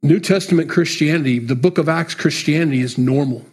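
A man's voice: a little high, a little fast, darkish tone, breathy edge. A man preaching a sermon in an earnest, emphatic, conversational way. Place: church.

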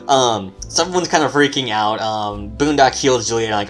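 A man's voice: medium pitch, moderate pace, a bit bright, soft background music. A man who runs the game casually recounting a tabletop session, rambling with lots of fillers and the odd swear word. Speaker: game master.

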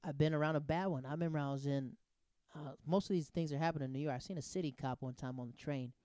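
A man in his thirties telling personal stories in a casual, animated, digressive way, often restarting his sentences. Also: fairly high pitch, quick pace, clear, resonant tone, dry recording. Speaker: storyteller. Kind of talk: casual anecdotal storytelling.

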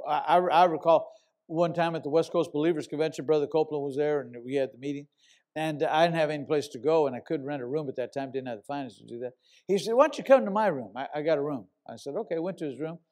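Middle-aged male pastor, high voice, emphatic sermon storyteller. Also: fairly even intonation, quick pace, darkish tone. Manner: emphatic storytelling, repeats words for stress.

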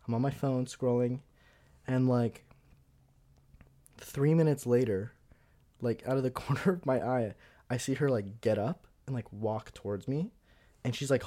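A podcast co-host, a young man, tells a story during a loose chat, relying on filler words and voicing the people he quotes with sudden loud bursts. His pitch sits at an ordinary middle level.

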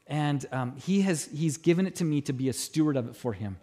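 A middle-aged man preaching a sermon as pastor, telling stories with animated delivery and acting out voices. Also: on the high side, fairly quick. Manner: animated storytelling, mimics voices in anecdotes. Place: church auditorium.

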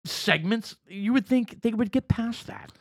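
A man's voice: extremely high pitch, unhurried, dry recording, clean studio sound. A man co-hosting a podcast, telling stories in casual chat and often mimicking other people's voices. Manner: animated storyteller, mimics voices. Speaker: podcast co-host.

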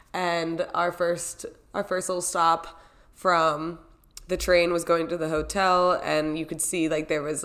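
In a loose, chatty vlog recap, a young woman rambles from one moment of her story to the next, acting out her own reactions along the way. Her voice sits a little low for a woman and has a fairly bright tone.

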